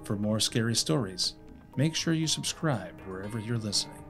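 A man with a fairly low voice narrates a scripted horror tale in a measured, deliberate way. He hosts the podcast and tells the story himself. Soft music plays faintly beneath his voice. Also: lively intonation.

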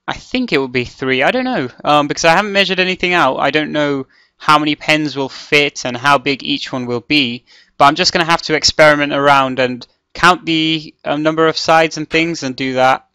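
Casting note: man with a crisp, fairly high voice, chatty let's-play rambler, thinking aloud, dry close mic. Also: bright, forceful tone, no echo. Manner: rambling, thinks aloud with many ums and restarts. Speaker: Minecraft let's player. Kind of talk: casual gameplay commentary.

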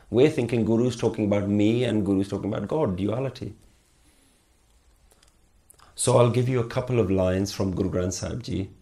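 Man, workshop speaker, on stage, emphatic, rhetorical questions, lowish voice. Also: dark tone. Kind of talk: spiritual workshop talk. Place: on stage before an audience.

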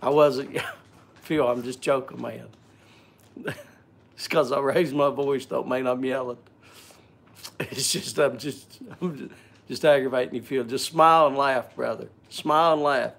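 A man's voice: medium pitch, fairly even intonation, a little slow, gravelly, pauses often, fairly bright tone. A man hosting a casual live stream, joking and chatting, greeting viewers by name, often repeating and stumbling over words.

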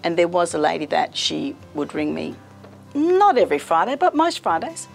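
Chatty middle-aged woman, creaky. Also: on the low side, normal speed, faint music behind. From Australia. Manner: warm, chatty, lively storyteller. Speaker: community radio presenter. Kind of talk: casual interview storytelling.

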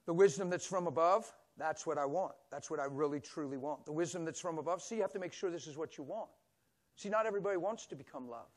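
A man in his sixties preaching a sermon in a church, telling stories animatedly and swinging from loud exclamations to a soft near-whisper. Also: fairly high pitch.

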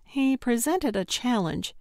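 A woman narrating an audiobook in the first person with measured, steady storytelling. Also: on the high side, dry recording, studio quality.

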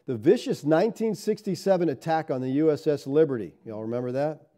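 A man preaching a sermon as pastor, animated, tossing rhetorical questions to his congregation and swinging between loud emphatic lines and low asides. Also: brisk.

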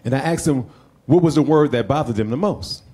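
Middle-aged man, mellow tone, earnest panel appeal. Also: medium pitch, brisk, husky. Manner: earnest, urging the community to act. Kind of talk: panel talk.

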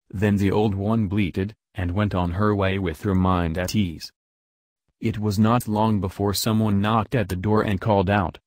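A man calmly reading a fairy tale aloud as bedtime story narration. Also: lowish voice, moderate pace, dry recording, clean studio sound. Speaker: storybook reader.

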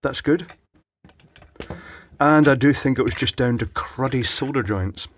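A man's voice: medium pitch, a little slow, a little hiss or hum. A man chatting dryly as he repairs electronics at his workbench, thinking aloud as he works. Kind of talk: casual workbench commentary.

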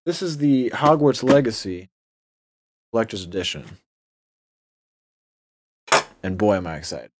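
A man's voice: on the low side, noisy background. A young man hosting an unboxing video, talking in a casual, sarcastic and rambling way.

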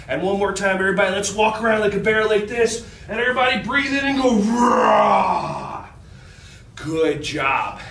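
A man leading a group of children through an animal movement warm-up, animated and encouraging, with playful sound effects. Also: on the high side. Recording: roomy sound from a distance with faint ambience.

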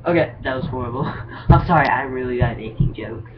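A man's voice: mid-range voice, fast talker. A man vlogging casually, telling jokes in a hesitant, rambling, self-deprecating way. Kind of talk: casual joke-telling vlog. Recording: dull lo-fi mic with clear background noise.

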